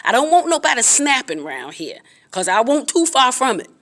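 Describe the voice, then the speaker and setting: A woman giving casual, earnest relationship advice to camera, repeating herself and swinging her pitch up for emphasis. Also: big pitch swings, fairly quick, fairly bright tone.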